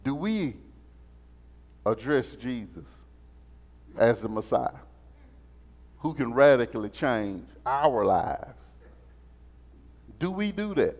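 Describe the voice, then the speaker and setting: Animated preacher in a church. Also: male voice, medium pitch, slow, pauses often. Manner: animated, call-and-response preaching, repeats phrases. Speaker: Sunday school teacher. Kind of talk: preached Sunday school lesson. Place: church sanctuary. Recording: muffled sound in a reverberant church.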